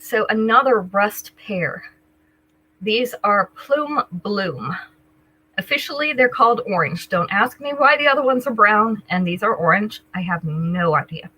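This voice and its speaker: A woman's voice: mid-range voice, pushed and bright, slightly rough, rough recording. An older woman hosting a live jewelry sale, chatting casually with viewers, greeting them by name and describing each item. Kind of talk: casual live-stream selling chat.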